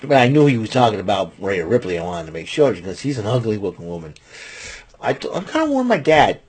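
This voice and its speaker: A man's voice: on the low side, very animated, fast, a little mellow, husky. A man hosting his own wrestling show, recapping matches and giving picks in a rambling, chatty way. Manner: rambling, chatty, restarts and fillers. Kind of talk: casual solo recap and predictions.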